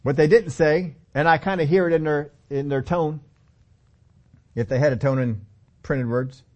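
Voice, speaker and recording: A man's voice: fairly high pitch, fairly even intonation, moderate pace, darkish tone, muffled recording. A man preaching a sermon, telling the story with humor, acting out the characters and asking the audience questions. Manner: laughs often and asks the audience questions.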